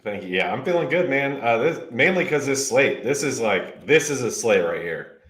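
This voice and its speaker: A man chatting as a fantasy sports analyst on a stream, relaxed and chatty. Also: mid-range voice, normal speed. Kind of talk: casual stream chat. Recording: echoey room.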